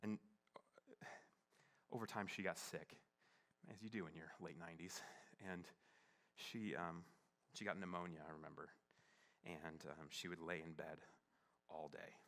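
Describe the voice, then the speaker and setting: A young adult man, a pastor, telling a personal story in a sermon, halting and full of fillers, turning hushed as it grows tender. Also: sits low, steady tone. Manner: halting, many fillers, shifts from playful to hushed and tearful.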